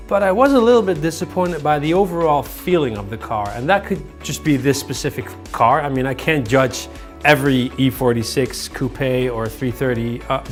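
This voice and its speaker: A young man giving a casual car vlog review, talking loosely with fillers and restarts. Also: medium pitch. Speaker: car vlogger.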